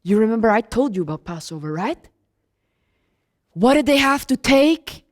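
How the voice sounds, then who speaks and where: Speaking on the high side at a moderate pace, a woman takes on the role of the apostle John as a young male disciple. She recounts his story directly to the audience in a lively, excited first-person monologue.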